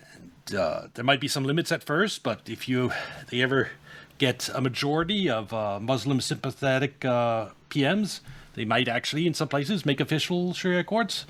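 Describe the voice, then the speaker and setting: A man delivering pointed political commentary at an average pitch. He speaks in a measured way and pauses often on filler sounds as he builds his argument. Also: a bit bright. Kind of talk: opinionated commentary.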